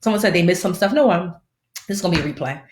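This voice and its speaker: Woman, slight lisp, low voice, slangy and playful, casual advice chat, roomy echo. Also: racing. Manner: animated, playful, slangy, acts out quoted voices. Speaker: personal finance host. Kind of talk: casual live-stream advice talk.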